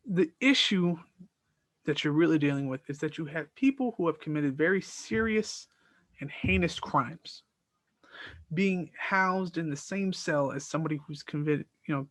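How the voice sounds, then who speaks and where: A man hosting his own podcast, telling the story of an argument in a casual, animated and exasperated way, acting out both sides of the dialogue. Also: on the high side, unhurried, no room sound. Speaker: podcast host.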